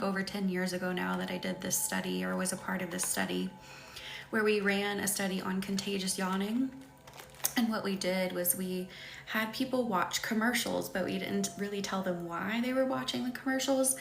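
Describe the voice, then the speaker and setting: A woman in her thirties leads spoken affirmations on a live stream, gentle and chatty, and keeps pausing to thank people in the chat. Her voice sits at a middling pitch. She talks into a computer mic in an echoey room with faint music behind her. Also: creaky. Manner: gentle, chatty, often breaking off to read comments. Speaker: healing coach hosting a live session.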